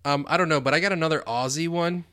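A man's voice: fairly high pitch, fast, fairly bright tone, clear, resonant tone, no room sound, clean studio sound. A man co-hosting a fantasy football podcast in casual chat, teasing and laughing often. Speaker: podcast co-host.

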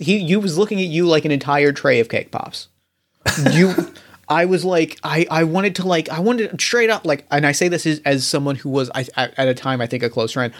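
A man playing a remorseful, excitable young male friend who stammers and gushes his apologies in an improvised role-play. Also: fairly high pitch, natural voice. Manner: flustered, gushing, stammering.

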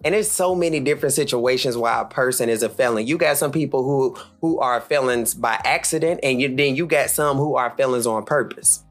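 Man, 30s, from Charlotte, North Carolina, solo podcast rant, blunt, profane, heated, mid pitch, faint music behind. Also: brisk, hardly any pauses. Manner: blunt, heated, cursing freely, swings pitch up for emphasis. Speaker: podcast host.

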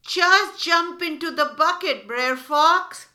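A woman's voice: extremely high pitch, slow, pushed and bright, voice pushed up, full character voice. A woman voicing a sly, cheerful male trickster rabbit in a children's storybook reading, coaxing and singsong.

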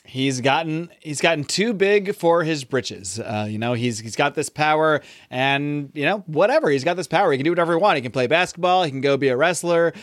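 A man's voice: fairly high pitch, expressive, brisk, few pauses, dry recording. Chill guy sharing opinions, dry no-room sound. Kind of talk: casual recap discussion.

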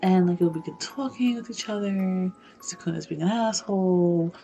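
A woman's voice: fairly low pitch, moderate pace, vocal fry, warm tone, dull audio, a little hiss or hum. A young woman in casual chat, rambling with many fillers and swearing freely.

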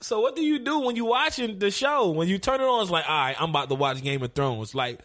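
A man's voice: high-pitched, expressive, quick pace, a bit bright. A man co-hosting a casual podcast, blunt and profane, teasing his co-host. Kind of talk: casual chat.

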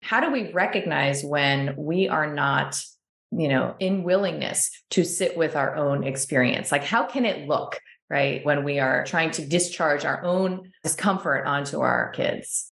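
A woman's voice: low-pitched, measured pace, vocal fry, fairly bright tone, reverberant. A woman hosting a podcast conversation, talking emphatically and often checking in with "right?". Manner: emphatic, searching, frequent "right?" tags. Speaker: podcast host.

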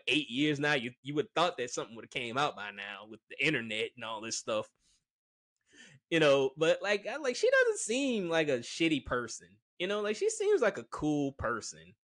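A man's voice: medium pitch, fairly bright tone, no room sound, studio quality. A man giving a casual, rambling movie review, frank and full of fillers. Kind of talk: casual opinion monologue.

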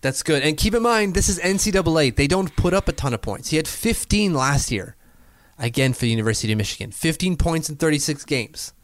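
A man's voice: fairly high pitch, animated, brisk, no echo. A man co-hosting a casual sports podcast, rambling and hedging as he talks. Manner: rambling, hedging, lots of fillers and restarts. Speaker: podcast co-host.

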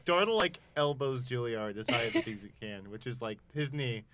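Player, stammers, laughs, lively pitch, dry close sound. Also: moderate pace, no room sound. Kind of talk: tabletop role-play chat.

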